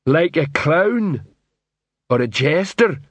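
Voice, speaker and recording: A man voicing a slow-witted, kindly male troll constable who speaks in halting, broken phrases. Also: on the high side, expressive, no room sound. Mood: puzzled.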